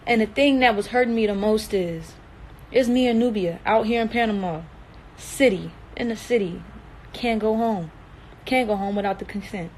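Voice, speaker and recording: A woman's voice: on the high side, moderate pace, a little hiss or hum, low-quality recording. A young woman in a distressed, emotional livestream monologue, earnest and emphatic, repeating herself and swearing.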